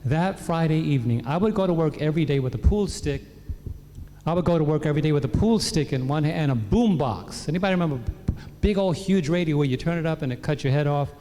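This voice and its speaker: A man's voice: a little high, animated, quick pace. A man sharing his personal testimony with a church audience, telling stories with joking asides. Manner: warm storytelling, joking asides. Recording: long hall reverb from a church PA.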